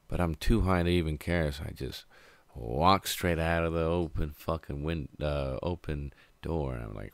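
Young male vlogger, very deep voice, dry sound, swears casually while rambling. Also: moderate pace, creaky, no echo. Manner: casual, profane, laid-back rambling. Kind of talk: storytime monologue.

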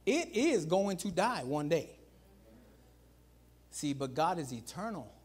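A pastor preaching a sermon in an animated way, calling out to the congregation and swinging between loud calls and low, quiet emphasis. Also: male voice, slow, slightly rough. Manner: animated preaching, repeats "watch this" and "guys".

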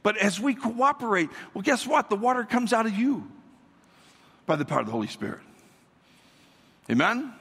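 A man's voice: high-pitched, sing-song, moderate pace, vocal fry, long pauses, a bit bright, slightly rough, big-room sound. A man giving a sermon as a guest pastor in a large church, speaking energetically, repeating words and calling on the congregation to answer back.

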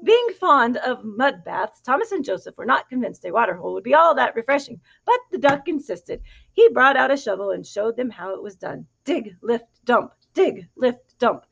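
A woman reading a picture book aloud to a child in an animated, expressive way, pausing to ask questions. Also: a little high, vocal fry, breathy edge. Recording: dull lo-fi recording.

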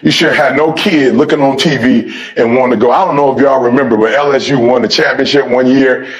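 A middle-aged man giving a motivational speech to a sports team, switching between fiery shouted exhortation and laid-back storytelling. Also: medium pitch, fairly even intonation, a little fast. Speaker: motivational speaker.

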